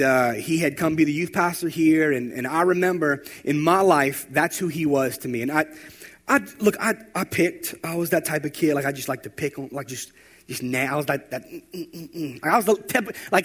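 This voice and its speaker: A man preaching a sermon, telling stories and building to loud, emphatic exhortation. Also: a little high. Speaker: pastor.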